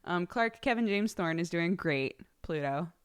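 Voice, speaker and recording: A woman's voice: fairly low pitch, expressive, measured pace, clear, resonant tone. A young woman streamer chats casually with her live audience in a bubbly, giggly way. Her voice rises and falls widely as she thanks subscribers one by one. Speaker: livestreamer. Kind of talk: casual chat with live viewers.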